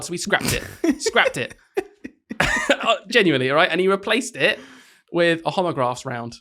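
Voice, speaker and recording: Bright, teasing man hosting. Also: high voice, big pitch swings, normal speed. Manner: teasing, laughs often. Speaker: podcast host. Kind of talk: casual podcast chat.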